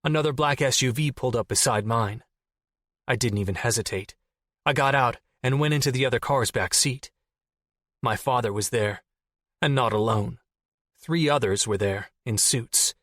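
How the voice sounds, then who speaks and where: A man reads a first-person audiobook in a mid-pitched, restrained voice with quiet intensity. The recording is dry and close. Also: normal speed, no room sound. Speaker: audiobook narrator.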